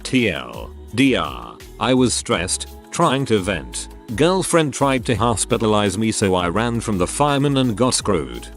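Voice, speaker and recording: Male narrator for read-aloud internet stories, lower voice with lots of pitch movement, soft music bed. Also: sing-song, unhurried. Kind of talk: reading forum stories aloud.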